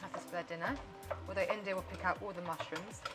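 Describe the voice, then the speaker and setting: A woman's voice: on the low side, fairly even intonation, fast talker, over loud music. A woman in her thirties chatting in a bubbly, laughing way while cooking in a home kitchen. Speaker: vlog host cooking. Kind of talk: casual cooking chat.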